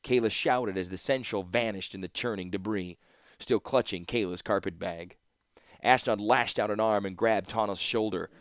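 Low-voiced man narrating a fantasy audiobook. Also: clear, resonant tone, no room sound, clean studio sound. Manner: steady, measured storytelling.

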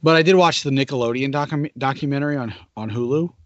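A man in his thirties co-hosting a casual chat, relaxed and hesitant, trailing off with fillers, in a dull, muffled recording. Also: mid-range voice, fast talker, no echo.

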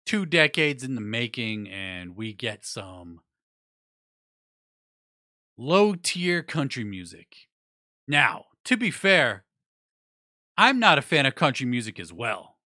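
A man's voice: medium pitch, very animated, slow pace, pauses often, bright, forceful tone, no room sound, clean studio sound. A man giving a blunt, profane, rambling music review in casual chat. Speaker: music news vlogger.

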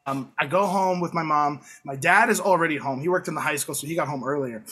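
A man's voice: a little high, fast talker, over music. A man in his late twenties from Long Island, a podcast guest telling a rambling story in casual chat and laughing through his lines. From Long Island, New York. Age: late 20s.

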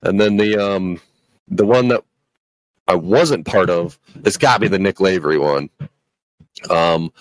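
Chill podcast bro, lower voice, dry sound, easygoing. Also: male voice, measured pace, pauses often, dry recording, low-quality recording. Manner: laid-back, says dude and bro. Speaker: podcast co-host. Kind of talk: casual chat.

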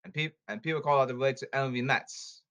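A man's voice: mid-range voice, steady tone, brisk, a bit bright. A man delivering an angry, repetitive rant to the camera. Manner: repetitive, emphatic, angry outbursts. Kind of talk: ranting monologue.

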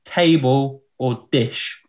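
A young man co-hosting a podcast, running a quiz game with giggly, playful banter and sudden rushed asides. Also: darkish tone. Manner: giggly and playful, with big pitch leaps and quick rushed asides.

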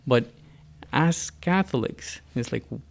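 A man's voice: mid-range voice, expressive, measured pace, gravelly. A man from the United States in a casual religious discussion, talking earnestly with many fillers and restarts. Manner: earnest, builds emphatically.

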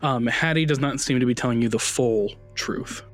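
A man narrating a tabletop horror game as its game master, with faint music playing behind him. His delivery is relaxed and unhurried, filled with ums and uhs as he sets each scene. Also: mid-range voice.

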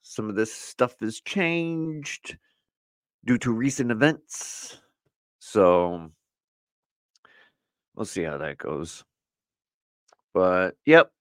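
A man's voice: fairly low pitch, animated, extremely slow, long pauses, no echo, clean studio sound. A middle-aged man hosting a podcast alone in a loose, rambling chat, full of "you know" and "like". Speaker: podcast host. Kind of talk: casual solo podcast chat. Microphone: camera setup for video recording.

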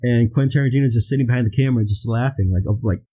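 Young guy rambling on a podcast, kinda husky, soft mellow tone. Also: medium pitch, rapid-fire, rough recording. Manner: rambling, many "like" fillers and restarts. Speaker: podcast co-host. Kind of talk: casual chat.

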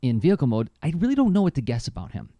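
Man, middle-aged, podcast co-host, animated storyteller, warm tone, dry close sound. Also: rapid-fire, dry recording. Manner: animated, enthusiastic storyteller with lively pitch jumps. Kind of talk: casual chat.

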